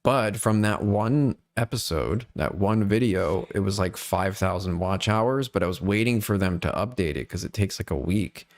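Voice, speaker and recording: A man's voice: fairly low pitch, normal speed, few pauses. A man, a guest on a live stream panel, chatting casually in a laid-back, rambling way with many fillers. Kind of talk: casual chat.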